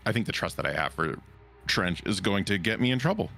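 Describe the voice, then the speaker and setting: Super deep gravelly guy gushing about roleplay, kinda halting. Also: lively intonation, pushed and bright, faint music behind. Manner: earnest, effusive, halting. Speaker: roleplay streamer. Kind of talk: casual group chat.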